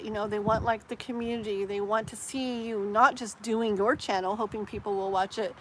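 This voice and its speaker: A woman's voice: on the high side, slight background noise, rough recording. Chatty woman tarot reader on a live stream. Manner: chatty and animated, rambling with fillers. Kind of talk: live-stream chat with viewers.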